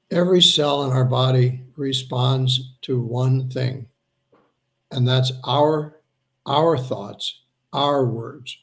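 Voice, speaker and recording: A man, a spiritual healer, earnestly explaining his ideas in a conversational interview, slowing down to stress points. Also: mid-range voice, creaky. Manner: earnest, slows down to stress points, acts out quoted voices.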